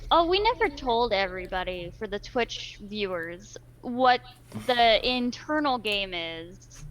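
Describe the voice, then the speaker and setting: A woman's voice: mid-range voice, very animated, slow, a little hiss or hum. A woman player chatting casually and thinking aloud during a tabletop game. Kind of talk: casual chat while playing a tabletop game.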